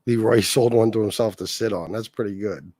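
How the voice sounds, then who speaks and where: A man hosting a casual livestream speaks fairly quickly in a lowish, darkish voice, with clean studio sound and no room echo. He reads chat comments aloud and mocks someone with heavy profanity.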